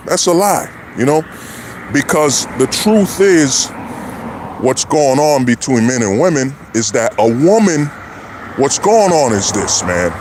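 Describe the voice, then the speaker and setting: A man's voice: medium pitch, background noise. A man hosting a livestream, giving a preachy, repetitive casual monologue. He keeps asking his listeners whether they follow him. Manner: preachy, repetitive, keeps asking "you know what I'm saying". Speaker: livestream host.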